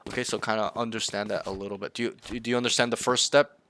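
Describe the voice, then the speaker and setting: A man's voice: on the low side, steady tone, racing, fairly bright tone. A young man coaching a student over voice chat, rambling and emphatic, swearing casually as he acts out in-game callouts.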